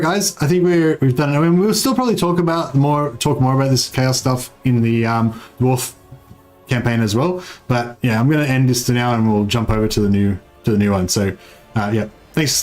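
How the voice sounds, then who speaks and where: A man hosts a game livestream in a loose, rambling way, full of fillers, restarts and asides to his chat. His voice sits at an ordinary middle pitch. Quiet music plays faintly underneath. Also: animated, a little fast. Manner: rambling, filler-heavy, reads chat aloud. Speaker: game streamer.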